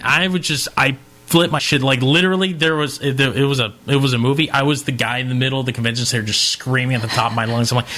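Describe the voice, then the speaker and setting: A man co-hosting a casual podcast at an everyday mid pitch. He tells long stories with energy, acting out what people said. He swears now and then. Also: fast. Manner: animated storyteller, acts out quotes, swears. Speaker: podcast co-host. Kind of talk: casual chat, long anecdote.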